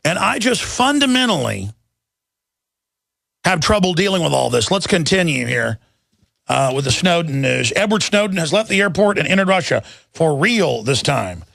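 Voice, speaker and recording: A man's voice: fairly high pitch, big pitch swings, moderate pace, creaky, fairly bright tone, no room sound. A man hosting a talk radio show, ranting and sarcastic as he reads headlines, plugs sponsors and takes calls on a studio mic.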